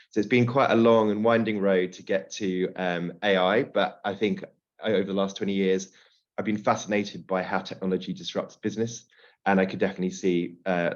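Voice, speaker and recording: Man, very low voice, slightly hoarse, steady explanatory webinar talk, dull lo-fi video-call sound. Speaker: guest speaker, AI specialist. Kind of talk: webinar presentation.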